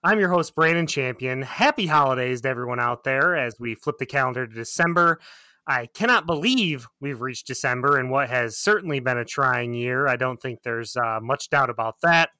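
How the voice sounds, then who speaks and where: Bright higher-voiced dude hosting a movie podcast, teasing, dry close sound. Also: male voice, moderate pace, dry recording. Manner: joking, teasing. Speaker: podcast host. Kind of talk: casual film podcast chat.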